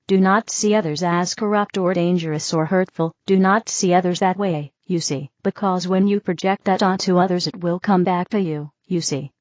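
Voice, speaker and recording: A woman's voice: on the low side, fairly even intonation, normal speed, hardly any pauses, darkish tone, no room sound, close to an everyday voice. A woman voicing a serene, reassuring female spirit teacher who keeps saying "you see", in a dull, dry recording. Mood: soothing.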